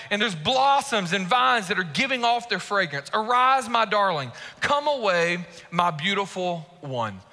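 A young adult man preaching a sermon in a church, animated and playful, acting out quotes with a lifted, giddy voice. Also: very high voice. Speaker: pastor. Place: church sanctuary. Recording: long church hall reverb.

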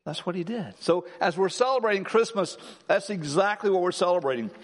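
A man preaching a Christmas sermon as pastor, swinging between emphatic, rising declarations and slow, soft reflection. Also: high-pitched, big-room sound. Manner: builds to emphatic, rising lines, then slows and softens. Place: church sanctuary.

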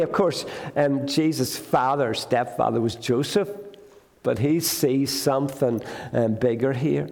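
In a church with long hall reverb, a male preacher with a darkish voice on the high side speaks unhurriedly. His sermon is conversational as he retells a gospel story and poses questions to the congregation.

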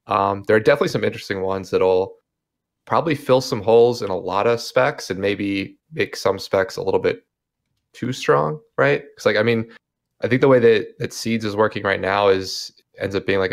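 Man, low gravelly voice, loose rambling podcast-guest talk. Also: normal speed. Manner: rambling, lots of fillers and hedges. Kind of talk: casual chat.

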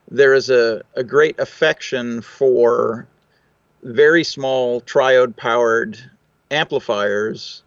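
A man's voice: mid-range voice, dry recording, highs cut off. A man, a recording engineer, answering interview questions in a thoughtful, technical way with fillers and restarts.

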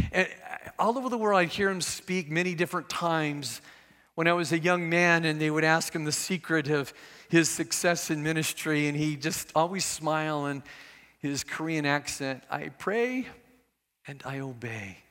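A man's voice: fairly high pitch, bright, forceful tone. A middle-aged man preaching a sermon as pastor, earnest and conversational, with casual asides. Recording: echoey hall with long reverb.

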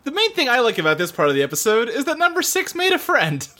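A man's voice: very high-pitched, huge pitch swings, fast, bright, forceful tone. A man co-hosting a podcast, giving laid-back commentary with crude jokes. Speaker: podcast co-host. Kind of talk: casual chat.

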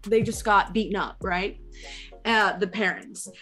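Role: rambling podcast host, woman. Pitch: medium. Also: steady tone, a little slow, a bit bright, soft background music. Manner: scatterbrained, rambling, heavy use of "like". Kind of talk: casual chat, retelling a movie plot.

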